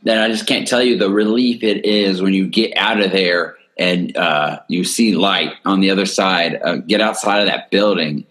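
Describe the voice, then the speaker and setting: A man's voice: sits low, moderate pace, few pauses. A young man in his twenties, co-hosting a casual chat, who rambles with many fillers and restarts and coughs now and then. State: has a cough. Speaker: co-host. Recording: loud music playing behind.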